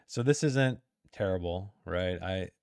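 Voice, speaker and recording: In a dry, studio-quality recording, a man with a low, creaky, darkish voice speaks slowly as he offers editing critique. He's chatty and keeps interrupting himself to read passages aloud from the text.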